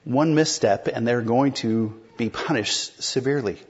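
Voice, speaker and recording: Husky-voiced man preaching a sermon. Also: medium pitch, unhurried, highs cut off. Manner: conversational, explains and asks the congregation questions. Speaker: pastor. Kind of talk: expository sermon.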